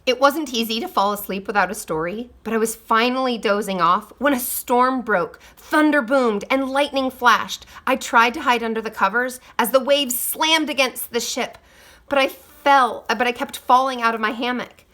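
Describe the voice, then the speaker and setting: A woman reading a children's picture book aloud, expressive, with quiet asides. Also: a little high, normal speed. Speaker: storybook reader. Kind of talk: storybook read-aloud.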